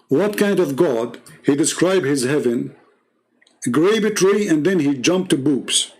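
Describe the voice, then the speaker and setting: A man's voice: a little high, animated, a little slow, darkish tone, breathy edge. A man hosting a live debate stream, delivering a heated, scornful monologue full of mocking rhetorical questions.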